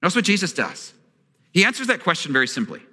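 A male pastor preaching a sermon in an animated, storytelling way, often asking the congregation questions. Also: high-pitched, fast talker. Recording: long reverb of a large hall.

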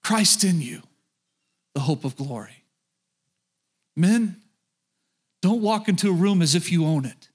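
A middle-aged man delivers a sermon as a pastor. His voice sits a bit high for a man. He preaches in a conversational way and keeps turning to the congregation with direct questions. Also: animated, unhurried, pauses often, husky.

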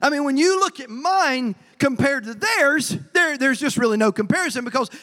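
Man, pastor, folksy sermon, very high pitch, long church reverb. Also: animated, normal speed, bright, forceful tone. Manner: folksy, repeats words, acts out quotes with rising voice. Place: church sanctuary.

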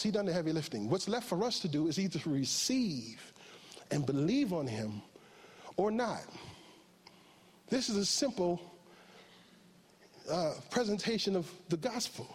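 Pastor, male, husky voice pitched a bit high, animated preaching. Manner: animated preaching, acts out quotes in raised voice; slow soft prayer at the close. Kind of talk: sermon.

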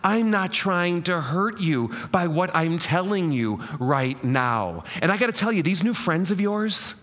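A man's voice: high-pitched, lively intonation, a little slow, a bit bright, in a large hall. A man voicing an exasperated mother pleading with and scolding her grown children, dramatic and coaxing.

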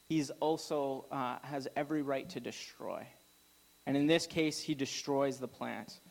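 A man's voice: mid-range voice, poor audio. A man preaching a conversational sermon. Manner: conversational preaching with frequent fillers and restarts. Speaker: pastor.

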